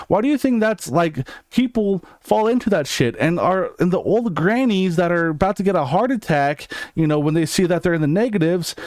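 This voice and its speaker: A man's voice: on the high side, dry recording, studio quality. Crude, rambling male YouTuber. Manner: crude, joking, rambling with slang and profanity. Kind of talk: edgy casual rant.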